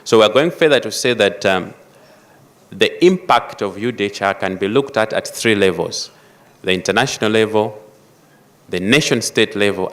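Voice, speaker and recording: A man giving a formal prepared speech at a conference, measured and emphatic, repeating key phrases. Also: on the low side. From Malawi. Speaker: conference speaker. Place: conference hall.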